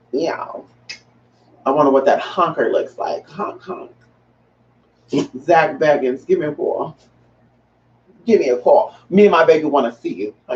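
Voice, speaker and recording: A woman's voice: sits low, darkish tone. A transgender woman hosting a casual livestream, chatting with viewers in a sassy, profane way and calling them honey and girl. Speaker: livestream host. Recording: roomy, distant, dull lo-fi sound.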